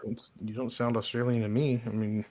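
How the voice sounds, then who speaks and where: A man's voice: mid-range voice, flat delivery, a little fast, a little mellow. A man in a casual live chat, enthusiastic and jokey, given to exaggerated playful threats.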